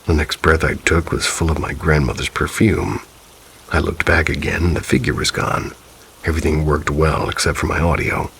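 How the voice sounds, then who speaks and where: Very deep gravelly male narrator. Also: fairly even intonation, moderate pace, fairly bright tone, slight background noise, low-quality recording. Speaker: narrator of submitted ghost stories. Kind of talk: scripted narration.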